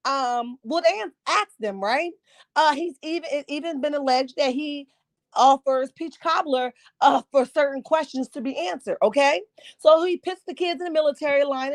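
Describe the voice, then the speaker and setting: A woman's voice: high-pitched, no echo, clean studio sound. A woman hosting a casual live commentary stream from home, sassy and emphatic, often asking "right?". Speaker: livestream host.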